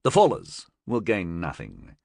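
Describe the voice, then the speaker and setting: A man's voice: sits low, huge pitch swings, a little slow, vocal fry, a little mellow, no echo, studio quality, exaggerated voice. A man voicing a stern, cold older male military commander who speaks in clipped, authoritative orders. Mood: grim. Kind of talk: audiobook character voice.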